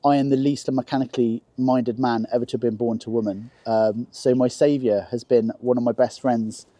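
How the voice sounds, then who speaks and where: An English man spinning lively anecdotes in a relaxed, mellow voice. His pitch sits mid-range, and he jumps up high whenever he acts out what someone said. A chatty guest in a casual interview. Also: normal speed, no echo. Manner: animated anecdotes, jumps high for acted quotes. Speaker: car owner guest.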